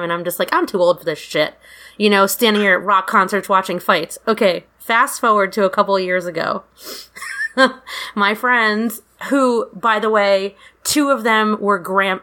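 A middle-aged woman tells a story in a loose, chatty way, cursing freely and getting animated at the big moments. Her voice is bright and forward. It sounds like an easygoing conversation. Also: mid-range voice, moderate pace. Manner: animated, profane, laughing storyteller. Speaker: guest storyteller. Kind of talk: casual anecdote telling.

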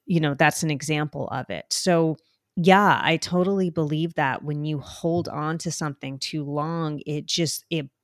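A woman's voice: deep voice, fairly even intonation, unhurried, dry recording, studio quality. A woman with a New Jersey accent, a podcast guest speaking openly and earnestly in a conversational interview.

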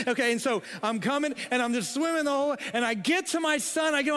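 Middle-aged pastor, high tenor-ish male voice, comic storyteller in a sermon, reverberant hall. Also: quick pace, hardly any pauses, fairly bright tone, clear, resonant tone. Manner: humorous storytelling with frequent "okay?" asides.

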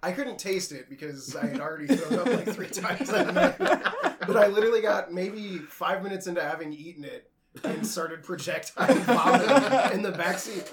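A man's voice: high-pitched, animated, normal speed, over a noisy crowd. A man guesting on a casual comedy podcast, telling a rambling, self-mocking story.

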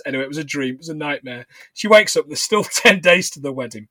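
A high, bright male voice that jumps all over the place as he recounts a film in casual chat. He is animated and sweary and quick to laugh. The sound is dry and close. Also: no echo. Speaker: podcast co-host.

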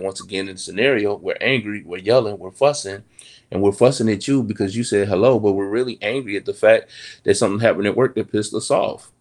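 A man talking frankly and animatedly in a casual podcast conversation, swearing now and then. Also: deep voice.

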